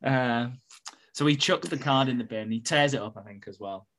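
A man's voice: medium pitch, normal speed, a bit bright. Rambling man recapping a soap. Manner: rambling, swears, laughs often. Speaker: podcast host. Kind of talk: casual chat recapping a soap.

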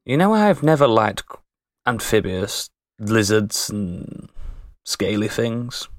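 A man's voice: lowish voice, sing-song, takes it slowly, no room sound, clean studio sound. A man playing in a tabletop game, joking and chatting casually. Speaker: player.

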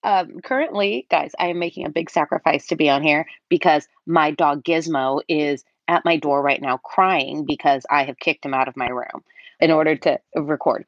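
A woman's voice: low voice, no echo. A woman co-hosting a podcast over a computer call, bubbly and chatty, swearing now and then. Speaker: podcast co-host. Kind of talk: casual chat over a call. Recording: dull lo-fi call audio.

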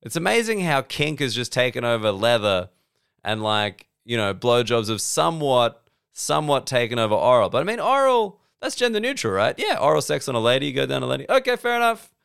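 Australian comedian hosting his own podcast alone; rambling, self-mocking chat with casual swearing, smooth voice at an average pitch. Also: very animated, brisk, fairly bright tone. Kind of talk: solo casual podcast monologue.

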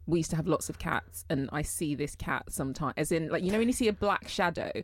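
A woman's voice: deep voice, animated, fast talker, no room sound. A woman co-hosting a podcast, chatting casually in a rambling way. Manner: rambling, full of fillers. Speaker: podcast co-host. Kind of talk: casual chat.

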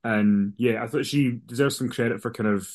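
A man's voice: medium pitch, normal speed. A man co-hosting a casual podcast in an everyday mid-range voice. He rambles and often restarts his sentences. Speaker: podcast co-host. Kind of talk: casual chat.

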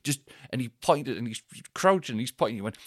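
A man spins a comic story on his own podcast, breaking into laughter and jumping into other people's voices. His pitch sits mid-range for a man. The sound is dry and close to the mic. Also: expressive, fairly quick, no room sound. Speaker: stand-up comedian, podcast host.

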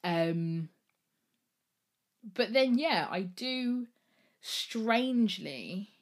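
A woman's voice: medium pitch, animated, very slow. A woman hosting a solo podcast, talking candidly and rambling, swearing freely as she goes. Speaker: podcast host.

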